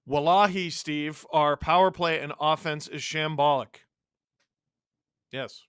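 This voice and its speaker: A male host watching a hockey game live, calling the plays, reacting loudly and reading out chat messages. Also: fairly high pitch, takes it slowly, clear, resonant tone, no room sound, studio quality. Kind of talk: live watch-along commentary and chat replies.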